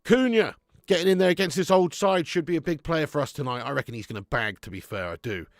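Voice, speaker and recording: A man hosting a live football watch-along, bantering loudly, swearing and reading out chat messages on a close mic. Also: a little high, animated, fast, no echo. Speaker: fan channel host.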